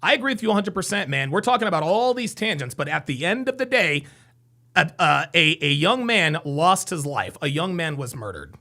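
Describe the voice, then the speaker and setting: Animated high-voiced male stream host. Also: fairly quick. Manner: animated, exclaims loudly. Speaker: live stream host giving dating advice. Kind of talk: casual call-in chat.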